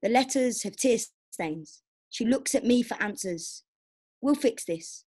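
A young woman performing spoken word poetry in a steady, plainspoken storytelling way. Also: on the high side, unhurried, breathy edge. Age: young adult. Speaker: poet.

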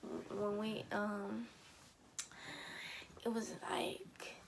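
A woman's voice: medium pitch, level tone, very slow. A teenage girl from Atlanta talking casually to her camera, emotional and close to tears, often dropping to a half-whisper. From Atlanta, USA. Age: teens. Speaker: vlogger. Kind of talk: casual vlog talk to camera.

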